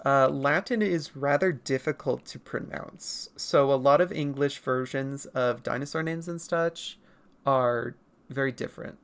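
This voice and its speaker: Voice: mid-range voice, measured pace, clear, resonant tone. An artist chatting casually with viewers on a livestream while drawing, playful and rambling, laughing often and swearing now and then. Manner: rambling, self-correcting asides. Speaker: artist streamer answering chat.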